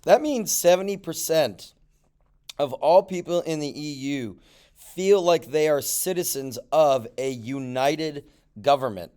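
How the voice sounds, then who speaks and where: Animated, clear-voiced male teacher. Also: fairly high pitch, a little slow. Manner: animated, mock-surprised asides. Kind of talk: classroom lecture video.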